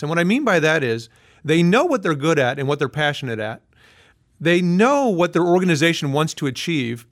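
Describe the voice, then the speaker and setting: Higher-voiced man, earnest consultant guest. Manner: earnest, list-driven explaining. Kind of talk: interview answers.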